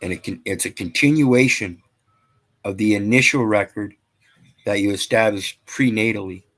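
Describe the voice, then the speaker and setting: A man's voice: lowish voice, normal speed, a bit bright. A man lecturing casually, reading out statute numbers and scripture in a rambling, preachy way. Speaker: channel host.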